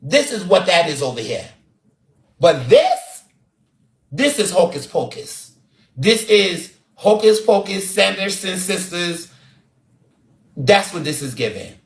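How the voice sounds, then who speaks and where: Sassy high-voiced Barbadian man. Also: big pitch swings, slow, long pauses. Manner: sassy, dramatic, repetitive. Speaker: online commentator. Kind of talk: roasting commentary. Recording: roomy echo.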